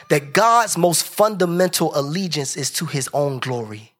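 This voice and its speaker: A male pastor delivers his sermon with a husky, slightly breathy voice. He talks in a loose, everyday style and pushes hard on his key points, sometimes breaking into a shout. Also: a little high. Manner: emphatic, colloquial, at times shouting. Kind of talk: preaching a sermon.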